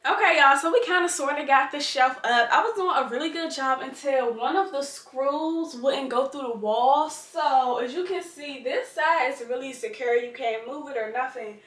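Chatty high-voiced young woman in an echoey room. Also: moderate pace, hardly any pauses, fairly bright tone. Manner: chatty, blunt storytelling with slang and swearing. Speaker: home decor vlogger. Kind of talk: casual chat. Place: bedroom at home.

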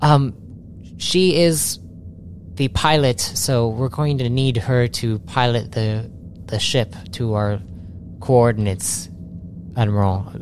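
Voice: mid-range voice, fairly even intonation, slow, pauses often, a little mellow, a little hiss or hum, pitched above the performer's own voice, lightly acted. A man playing a dutiful formal squadmate. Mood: respectful. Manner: formal and apologetic.

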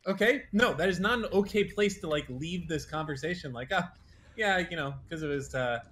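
A man's voice: fairly high pitch, animated, fairly quick, a bit bright, a little hiss or hum. A man in his thirties, a streamer's friend, in casual stream banter, talking in an exasperated, rambling way.

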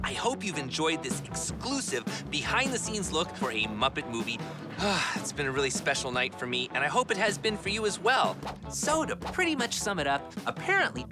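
An eager young puppet host. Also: male voice, on the high side. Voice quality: lively, eager, exclamatory. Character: cheerful young male puppet, earnest, starstruck. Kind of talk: behind-the-scenes hosting with jokes. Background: music.

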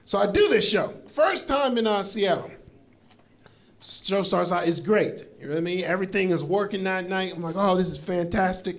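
A man's voice: sits high, moderate pace. A male stand-up comedian from Florida telling a story on stage, acting out what people said, with laughing asides. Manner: animated storytelling with acted-out quotes and laughing asides. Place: comedy club stage before a live audience. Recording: live club recording with crowd laughter. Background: audience laughter.

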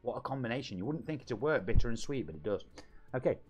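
Excitable British man hyping his stream. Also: mid-range voice, fast, husky. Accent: British English. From England. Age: 40s. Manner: excitable, hype shout-outs and banter with chat. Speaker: game streamer. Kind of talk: lively live-stream chat. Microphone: home streaming microphone.

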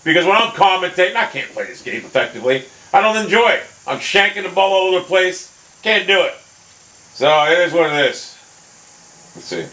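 A man commentating his own golf video game play, swearing constantly and bursting into frustrated shouts. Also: sits high, expressive, brisk, low-quality recording. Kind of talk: casual gameplay commentary.

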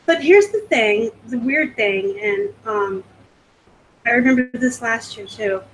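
A woman from the US West Coast hosting a casual live stream and answering viewer comments. Her slightly high voice runs on in loose, rambling chat. A faint layer of background noise sits under her. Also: expressive, slow, low-quality recording. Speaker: host.

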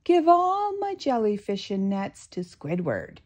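SpongeBob, bold and excited, read by a woman. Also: medium pitch, takes it slowly, dull audio, full character voice. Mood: heroic. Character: brave, cheerful sea sponge manager, male. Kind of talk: storybook read-aloud.

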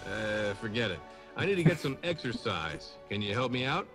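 An actor playing a blunt human soldier hero in a video game, talking in an offhand way. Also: male voice, on the low side, very animated, moderate pace. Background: game music.

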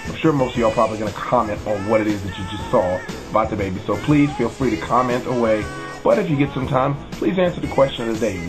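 Man, vlog host, low voice, loose and chatty with plenty of ums, faint music underneath. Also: rough recording. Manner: relaxed, rambling, with many fillers. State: emotional, voice dropping softly. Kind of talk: casual vlog talk to camera.

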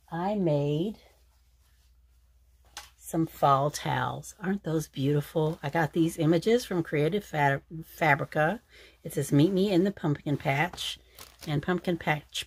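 A woman's voice: sits low, a little slow, slightly rough. A woman chatting casually as she shows her crafts, rambling with lots of fillers and restarts. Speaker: crafting channel host. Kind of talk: casual craft show-and-tell.

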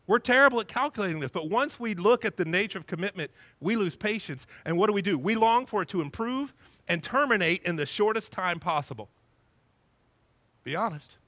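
A male pastor delivers a lively sermon with a high, bright voice that swoops up and down as he acts out small scenes. The sound is close and dry, with little room echo. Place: church.

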